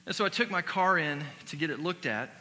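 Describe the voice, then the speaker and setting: A man in his thirties preaching a sermon as pastor. He shifts between emphatic exhortation and quiet personal storytelling. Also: fairly high pitch, lively intonation, a little fast. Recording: long hall reverb with faint hum.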